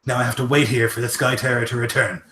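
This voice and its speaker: A man's voice: mid-range voice, level tone, quick pace, pushed and bright, reverberant, slight background noise, lightly acted. A man voicing a stranded, distrustful male orc warrior who speaks in blunt, clipped sentences. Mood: bitter.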